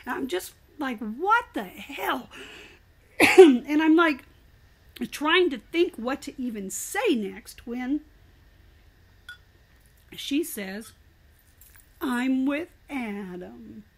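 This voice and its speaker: High-voiced older woman telling a story. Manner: animated, expressive storytelling. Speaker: interview guest. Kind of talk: casual storytelling interview.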